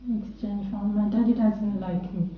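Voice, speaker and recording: A woman's voice: medium pitch, steady tone, moderate pace, lightly acted. An actress playing a hurt young girl who plaintively says she feels unloved, in a film drama. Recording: very echoey, distant, phone-like, noisy.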